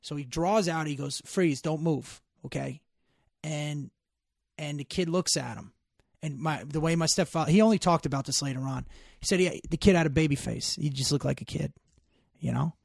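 A man with a gravelly, fry-heavy voice tells emphatic stories laced with profanity. He sits slightly high in pitch, and the sound is dry and close, with no room echo. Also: moderate pace. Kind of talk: casual storytelling chat.

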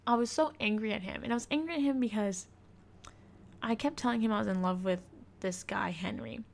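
A woman's voice: mid-range voice, fairly quick, gravelly. A young woman hosting a podcast, telling a personal story in a frank, confessional way and swearing freely. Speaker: podcast host.

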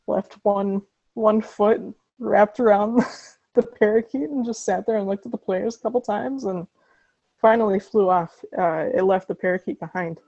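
A woman co-hosting a podcast, recounting things in a relaxed, giggly way. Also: mid-range voice, moderate pace, no echo. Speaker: podcast co-host. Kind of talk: casual chat. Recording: dull, dry lo-fi sound.

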